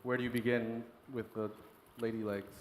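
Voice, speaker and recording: A man, a chef, talking casually and quickly in an interview with laughing asides. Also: mid-range voice, level tone, slight background noise. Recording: echoey room with long reverb.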